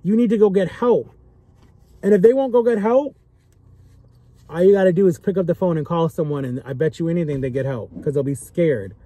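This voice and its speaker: On the high side and warm in tone, a young vlogger talks fairly quickly in a dry recording. His direct-to-camera plea is heartfelt and emotional, with repeated lines driving his point home.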